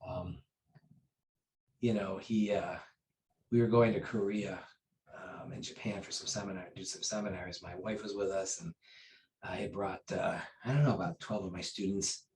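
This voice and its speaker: Martial arts instructor, male, low voice, chatty interview storyteller who restarts his sentences. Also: steady tone, moderate pace, a little mellow, poor audio. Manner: rambling, with many fillers and restarts; acts out quoted dialogue with raised pitch and volume.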